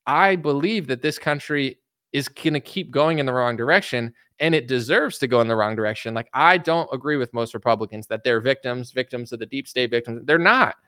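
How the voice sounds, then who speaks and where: A man's voice: mid-range voice, a little fast, bright, forceful tone, dry recording, clean studio sound. A man giving a blunt, sarcastic political commentary rant, mocking and casual.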